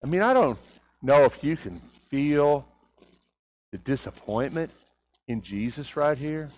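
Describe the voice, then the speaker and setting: High-voiced preacher man, hushed to emphatic. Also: expressive, measured pace, low-quality recording. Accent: Oklahoma Southern. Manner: emphatic, rhetorical questions, swings between hushed and raised. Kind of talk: sermon.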